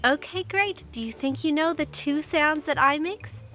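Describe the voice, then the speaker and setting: A woman's voice: sits high, normal speed, a bit bright, faint music behind. A woman teaching a kindergarten lesson, talking cheerfully and coaxingly straight to young children.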